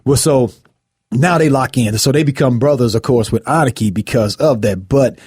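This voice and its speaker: Podcast host, male, husky, dry close sound, lively storyteller acting out scenes. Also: mid-range voice, moderate pace, dry recording. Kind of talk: casual podcast chat.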